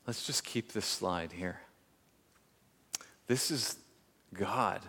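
A man preaching a sermon as pastor, reflective and measured, telling a story with pauses. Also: low-pitched, bright, forceful tone, breathy edge, big-room sound.

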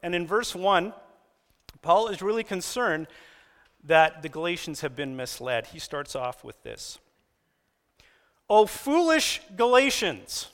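Animated preacher man in a reverberant hall. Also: measured pace. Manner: animated storytelling, raises pitch for quoted lines. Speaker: pastor. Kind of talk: sermon. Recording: long reverb of a church hall.

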